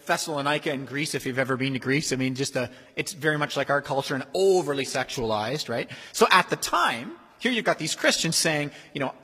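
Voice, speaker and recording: A man preaching a sermon as pastor, in a conversational, animated way. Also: fairly high pitch, fairly quick, few pauses, breathy edge. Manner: conversational, animated, acts out quoted voices. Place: church sanctuary. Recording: long hall reverb.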